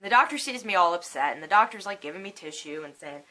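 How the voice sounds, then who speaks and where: A woman's voice: fairly low pitch, animated, fast talker, sharp tone. A woman in her thirties telling a personal story to camera in a casual vlog, emotional and swearing freely. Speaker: vlogger.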